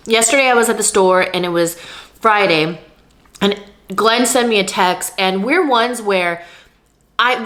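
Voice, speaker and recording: A young woman chats to her camera at home in a relaxed vlog. She talks candidly and easily, pausing now and then for a bite of food. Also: medium pitch. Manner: chatty, candid, talks between bites of food. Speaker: vlogger. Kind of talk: casual vlog chat while eating. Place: at home, indoors.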